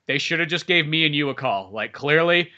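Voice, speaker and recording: A man's voice: on the high side, brisk, dull audio. A man talking casually as a podcast host, swearing a lot and riffing with mocking asides. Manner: profane, animated, mocking impressions. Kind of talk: casual chat.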